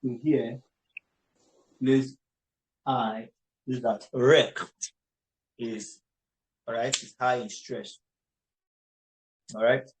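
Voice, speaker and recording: A man teaching an online English lesson on word stress, slowly repeating words and checking in with "all right". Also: medium pitch, level tone, slightly rough, rough recording. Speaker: English tutor.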